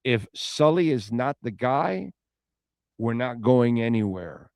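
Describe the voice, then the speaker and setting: A man's voice: medium pitch, lively intonation, vocal fry, darkish tone, smooth, dry recording. Male sports radio co-host, opinionated, leans hard on key words, dry booth sound. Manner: emphatic, opinionated, drawn-out stresses. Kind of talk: casual sports talk.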